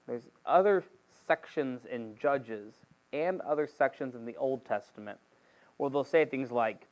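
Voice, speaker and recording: A man teaching a casual Bible study, retelling the story in an animated, slangy, joking way. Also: mid-range voice, unhurried, low-quality recording.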